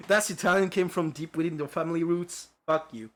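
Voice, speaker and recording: A man's voice: fairly high pitch, a bit bright. A man streaming a casual lecture-style game recap, rambling and profane with lots of filler words.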